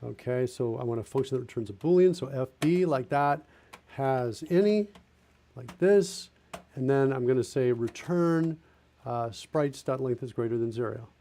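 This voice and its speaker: A man's voice: mid-range voice, normal speed, warm tone. A man streaming a live coding session, thinking aloud as he types and corrects himself. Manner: thinking aloud while typing, self-correcting. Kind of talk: casual live-coding narration.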